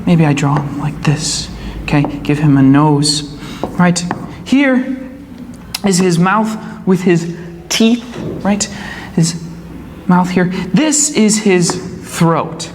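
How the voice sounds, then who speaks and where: Very slow-talking woman teaching a class. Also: fairly low pitch, lively intonation, darkish tone. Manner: slow, repetitive, explains each word. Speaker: English teacher. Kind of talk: storytelling lesson for young learners. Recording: echoey hall with faint ambient noise.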